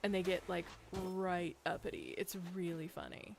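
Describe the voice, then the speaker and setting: A woman's voice: fairly low pitch, little pitch movement, moderate pace, vocal fry, noisy background. A woman streaming a game, chatting casually and rambling, laughing often. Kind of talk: casual chat while playing.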